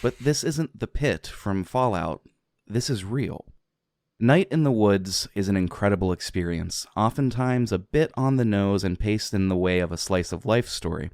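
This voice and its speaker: A man's voice: on the low side, lively intonation, normal speed, a little mellow, no echo, studio quality. A man from southwestern Pennsylvania co-hosting a casual podcast, enthusiastic, laughing often and rambling into asides. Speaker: podcast co-host.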